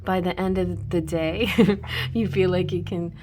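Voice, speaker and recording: A woman's voice: on the low side, steady tone, a little slow, darkish tone, slight background noise. A woman giving a casual tarot reading in a rambling way, full of restarts and "you know". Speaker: tarot reader.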